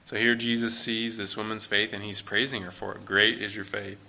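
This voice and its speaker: A man with a lowish, bright and forceful voice gives a conversational Bible lesson. His delivery stays level and even in pitch. He talks loosely, thinking aloud and leaning on "like" as he explains. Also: normal speed, gravelly. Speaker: Bible teacher.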